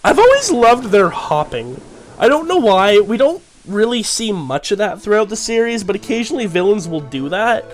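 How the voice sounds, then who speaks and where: A man's voice: sits high, very animated, normal speed. A man chatting casually and enthusiastically while streaming a video game.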